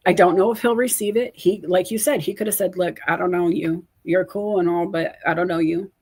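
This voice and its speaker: A woman hosting a casual chat as a coach, telling stories in a candid, animated way. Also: lowish voice, brisk, husky. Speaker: host and coach.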